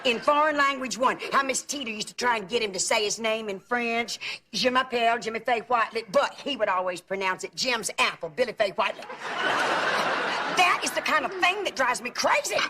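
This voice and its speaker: An actress playing a gossipy, nonstop-talking middle-aged aunt, in a sitcom. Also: female voice, fairly high pitch, lively intonation, fairly quick, close to an everyday voice. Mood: chatty. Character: gabby meddling Southern aunt, middle-aged woman. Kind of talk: sitcom acting. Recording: noisy TV broadcast audio.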